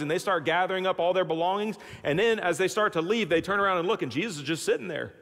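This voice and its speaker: A male pastor preaching a sermon, telling stories with dramatic swings from loud to hushed and folksy asides, in a church sanctuary. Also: high-pitched, quick pace, few pauses. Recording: echoey church hall.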